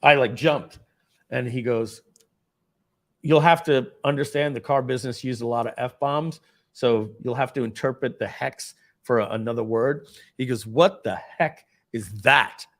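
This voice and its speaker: A man's voice: medium pitch, normal speed. A man in his forties telling a casual story from his working life, acting out the voices of the people in it. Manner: animated storytelling, acts out quoted voices. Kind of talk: casual anecdote.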